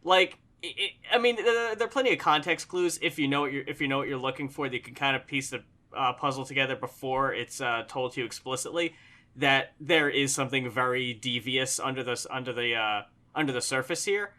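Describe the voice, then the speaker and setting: Bright, enthusiastic film-chat voice. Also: mid-range voice, fairly quick. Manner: enthusiastic, swears casually, rambling. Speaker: co-host of a movie review show. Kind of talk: casual chat.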